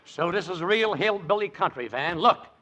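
A man trading gravelly, punning comedy patter as host of a 1940s radio comedy. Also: high voice, lively intonation, moderate pace. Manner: gravelly clowning patter with puns and laughs. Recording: old broadcast with music and live audience.

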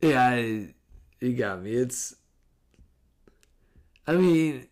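A man's voice: medium pitch, very animated, a little slow, long pauses. A man hosting a podcast in casual Q&A, rambling, breaking off mid-sentence and laughing easily. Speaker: podcast host.

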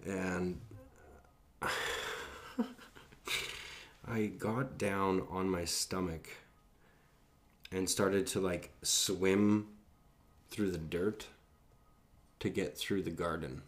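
Deep-voiced man telling a rambling story. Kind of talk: casual anecdote.

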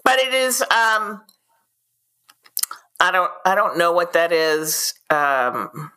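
A woman guest in an interview, a PR expert telling animated anecdotes in a blunt, straightforward way. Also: fairly low pitch, takes it slowly. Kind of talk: casual interview storytelling.

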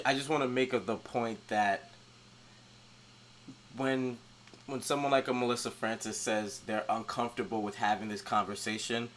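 Guy on a podcast talking calmly, mid voice, bit of hiss behind. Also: medium pitch. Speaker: podcast co-host. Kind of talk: casual chat.

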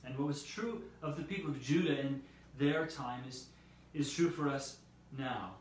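Distant echoey male pastor preaching. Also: mid-range voice. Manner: measured preaching, dropping softly at phrase ends. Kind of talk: sermon. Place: church meetinghouse or similar room, streamed live. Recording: very echoey room, heard from a distance, faint hiss.

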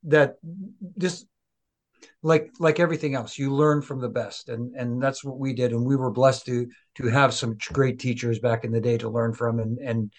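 A man co-hosting a podcast who talks in an earnest, halting way and often restarts his sentences. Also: mid-range voice, steady tone. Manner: earnest, halting with repeated starts. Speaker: podcast co-host, former referee. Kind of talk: casual podcast chat.

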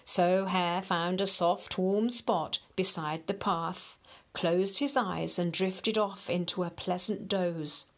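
A woman reading a children's story aloud in a gentle, unhurried way, talking to the children directly. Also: fairly low pitch, fairly even intonation.

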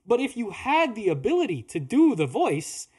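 A man's voice: sits high, wildly swooping pitch, moderate pace, darkish tone, husky. A man co-hosting a podcast in casual chat, rambling with lots of filler words. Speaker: podcast co-host.

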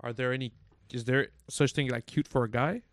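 A man's voice: medium pitch, fairly even intonation, brisk, dry recording. A man in a casual podcast chat who teases the others and swears freely.

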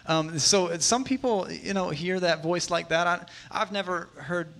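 Bright-voiced man in his thirties preaching. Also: high-pitched, measured pace, vocal fry. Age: 30s. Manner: conversational, shifting from hushed to emphatic. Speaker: pastor. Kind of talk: sermon.

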